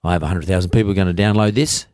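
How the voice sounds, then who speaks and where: Deep-voiced Australian man, emphatic and folksy. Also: very fast, darkish tone, no room sound, studio quality. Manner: emphatic, folksy, repeats himself. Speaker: podcast host. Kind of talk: casual interview chat.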